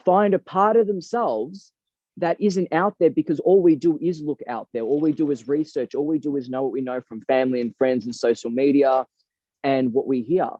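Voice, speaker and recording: A man's voice: medium pitch, normal speed, dark tone, no echo. A man speaking as a guest in an interview, earnest and heartfelt, talking in a reflective, emphatic way. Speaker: boxing coach and guest. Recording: dull lo-fi dry recording.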